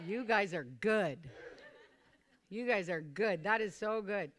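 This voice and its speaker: A woman preaching a sermon to a small group, repeating phrases and calling for responses, sometimes bursting into loud, fervent exclamations. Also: mid-range voice, animated, slow pace, a faint crowd. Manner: repetitive, calls for responses from listeners.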